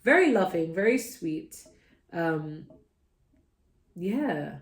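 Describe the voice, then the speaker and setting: A woman's voice: lowish voice, sing-song, very slow, reverberant. A woman from the UK giving a casual tarot reading, chatty and reassuring, often ending phrases with "okay?". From United Kingdom. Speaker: tarot reader.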